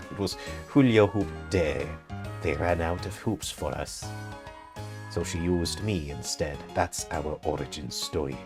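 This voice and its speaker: A man's voice: deep voice, a little slow, over music. A man voicing a cat girl student from a video game with a put-on English accent, reading her lines aloud. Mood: smug. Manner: read aloud from game text.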